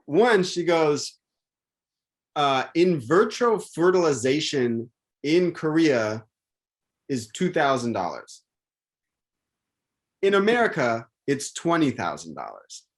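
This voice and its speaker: A man's voice: fairly high pitch, slow, pauses often. Rambling man in casual talk. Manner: rambling, animated, many restarts and fillers. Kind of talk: casual conversation.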